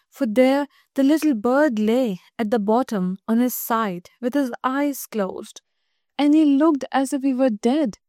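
A woman reads a storybook aloud in a gentle, measured voice. Her voice sits high, and the recording is dry and close with no room echo. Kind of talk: storybook reading.

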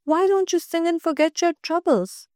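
A woman voicing a young princess who dotes on her pet bird and talks to it in a soft, coaxing way. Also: very high-pitched, moderate pace, dry recording, studio quality, voice pushed up. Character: young doting princess, gentle and possessive.

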